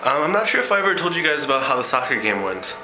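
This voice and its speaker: A man's voice: mid-range voice, big pitch swings, very fast, music in the background. A young man chatting casually in a rambling video diary. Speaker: exchange student vlogger. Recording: echoey room, faint noise.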